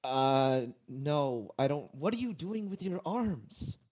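A man's voice: a little high, lively intonation, takes it slowly, darkish tone, slightly rough, lo-fi sound. A man acting a confused patient in a comedy sketch, increasingly exasperated. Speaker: sketch actor playing a patient.

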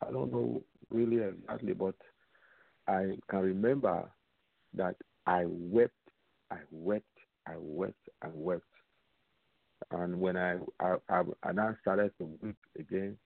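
A man teaching from the Bible on a radio program, slow and repetitive, putting rhetorical questions to his listeners. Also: deep voice, gravelly, no echo. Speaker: radio preacher. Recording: tinny phone-line sound, dry.

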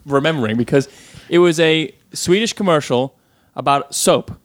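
A man's voice: a little high, normal speed, dry recording. A man co-hosting a podcast, recounting memories bluntly with casual swearing. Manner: laughing, blunt recollection with swearing. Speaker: podcast co-host. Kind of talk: casual chat.

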